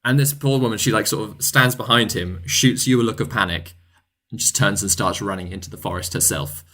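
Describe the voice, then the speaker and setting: A man's voice: on the low side, brisk, a bit bright. A man narrating as game master in a chatty style full of fillers.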